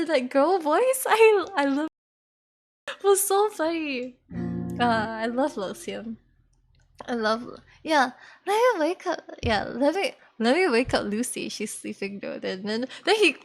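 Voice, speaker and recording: A young woman streamer chatting casually with viewers between karaoke songs, giggly and rambling. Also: on the high side.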